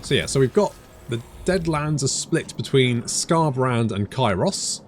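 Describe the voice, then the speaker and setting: Rambling man with lively pitch. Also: measured pace, a little hiss or hum. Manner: rambling, chatty, wanders off on tangents; thinks aloud and mutters to himself while playing. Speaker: gaming YouTuber. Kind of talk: let's play commentary.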